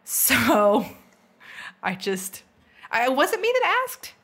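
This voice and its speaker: A woman's voice: high voice, extremely slow, breathy edge. A middle-aged woman co-hosting a board game podcast, chatting casually and telling stories with giggles. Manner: giggly, animated storytelling. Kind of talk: casual chat.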